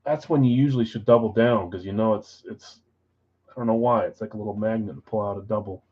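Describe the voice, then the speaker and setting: A man's voice: fairly low pitch, quick pace, breathy edge, lo-fi sound. Chatty man calling out card break teams. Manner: rattles off names and teams, chatty asides. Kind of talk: live-stream card break chat.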